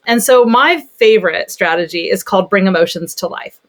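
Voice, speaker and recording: Woman, pediatric therapist, podcast guest, animated storyteller, chatty, lively pitch. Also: brisk, few pauses. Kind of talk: casual podcast conversation.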